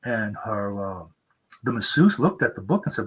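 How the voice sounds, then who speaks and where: A husky man in his seventies, an author appearing as a guest, tells earnest stories in a conversational interview, acting out quotes in a high voice. His intonation is lively, his pace moderate and his tone a bit bright. The audio is poor, captured on a remote interview mic.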